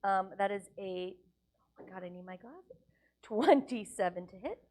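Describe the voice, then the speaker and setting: A woman playing a tabletop game, bubbly and excitable, with frequent gasps and squeals. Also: mid-range voice, moderate pace. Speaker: player. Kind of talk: casual tabletop play.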